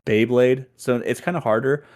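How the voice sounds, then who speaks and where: A man chatting as a guest on a casual podcast. He rambles from thought to thought with constant fillers and quick giggles. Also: medium pitch, fairly even intonation, darkish tone.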